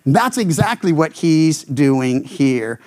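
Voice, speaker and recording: Animated man preaching with lively pitch. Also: slow pace. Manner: animated, acts out quoted speakers with big pitch jumps. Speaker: pastor. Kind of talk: expository sermon.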